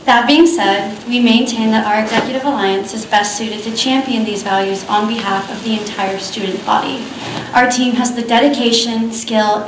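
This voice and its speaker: A young woman, a student candidate, giving a formal, measured debate closing statement. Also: a little high. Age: young adult. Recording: roomy hall, clear background noise.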